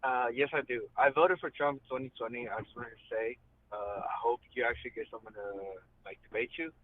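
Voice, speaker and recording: A man's voice: mid-range voice, fairly even intonation, a little fast. A male caller talking bluntly and with hostility. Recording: tinny phone line with hiss.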